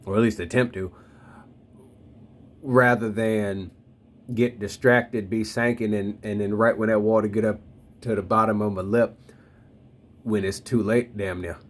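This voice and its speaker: This man in his thirties has a lowish, steady voice and speaks a little slowly, pausing often. He muses on faith in a loose, slang-filled, meandering way, aimed right at his listeners.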